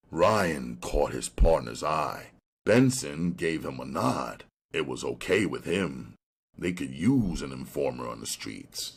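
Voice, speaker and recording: A man narrating a crime audiobook in an expressive storytelling manner. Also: rumbling low, slow pace, gravelly, husky.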